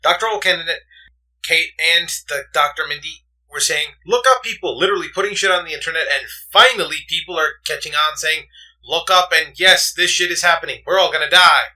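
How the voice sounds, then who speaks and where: A man co-hosting a casual movie podcast, animated, laughing often and swearing freely. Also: fairly high pitch, a little fast, distant mic, poor audio. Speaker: podcast co-host. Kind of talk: casual chat.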